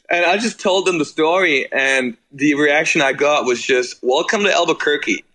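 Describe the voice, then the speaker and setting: Lively German man telling tour stories. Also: on the high side, a little slow, rough recording. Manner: rambling, animated, swears casually. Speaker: musician guest. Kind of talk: casual storytelling.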